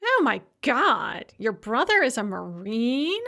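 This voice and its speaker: A woman's voice: sits high, very animated, normal speed, a bit bright, pitched above the performer's own voice, heavily acted. A woman narrator voicing a supercilious, self-absorbed young woman activist who whines and talks down to others. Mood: scornful. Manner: condescending, complaining.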